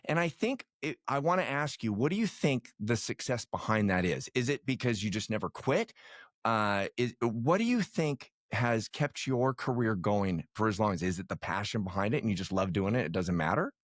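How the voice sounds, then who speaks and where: Earnest lower-voiced male podcast host. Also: expressive, normal speed, no echo, studio quality. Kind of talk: casual interview.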